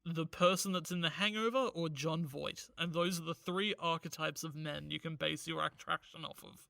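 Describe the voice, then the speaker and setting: A man co-hosting a casual podcast, chatting in a quick, animated, riffing way. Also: a little high, creaky, dry recording, studio quality. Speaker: podcast co-host. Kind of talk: casual chat.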